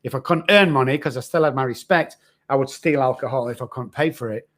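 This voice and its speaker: A man's voice: medium pitch, quick pace, a bit bright. A middle-aged man, frankly telling his own hard story as a podcast guest. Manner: earnest, raw, frank. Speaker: recovery expert guest. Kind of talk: candid personal storytelling.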